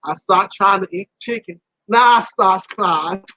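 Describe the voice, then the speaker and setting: A woman hosting a live stream tells her viewers a story, casual and animated, laughing often and swooping high at the embarrassing bits. Her tone is bright and forceful and her pace unhurried. The recording is close, dry and rough, with no room sound.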